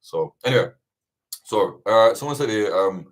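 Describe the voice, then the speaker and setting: Swearing, rambling man, low voice. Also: moderate pace. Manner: swears freely, rambling and animated. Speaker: host of livestream Q&A. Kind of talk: casual livestream Q&A chat.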